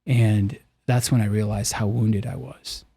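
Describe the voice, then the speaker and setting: A man's voice: fairly low pitch, fairly even intonation, measured pace, gravelly, dark tone, breathy edge, no echo. A middle-aged man speaking earnestly and with animation as a podcast guest, telling personal stories and acting out the voices he quotes. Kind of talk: candid personal storytelling.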